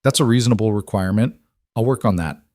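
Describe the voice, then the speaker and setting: A man voicing a calm, assured mafia boss with a dry, amused manner in an audiobook. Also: lowish voice, quick pace, no room sound, close to an everyday voice. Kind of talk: audiobook character voice.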